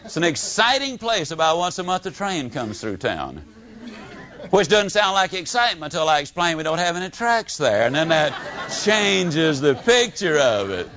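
With a faint crowd in the background, an older Southern-accented man from Mississippi delivers a motivational speech at a moderate pace, his voice a little high. He's animated, acting out quotes and telling folksy, humorous stories, captured in dull lo-fi sound.

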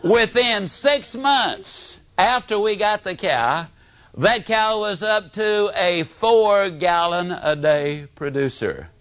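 A man's voice: high voice, slow, dry recording. An older man from Mississippi with a Southern accent, giving a motivational speech full of folksy stories and acted-out quotes. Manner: animated storytelling with folksy humor and acted-out quotes. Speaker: motivational speaker. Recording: dull lo-fi audio.

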